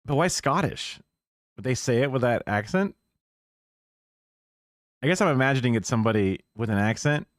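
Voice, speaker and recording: A man's voice: medium pitch, expressive, moderate pace, long pauses, no echo, clean studio sound. A man streaming live, reacting to a video in a musing, conversational way.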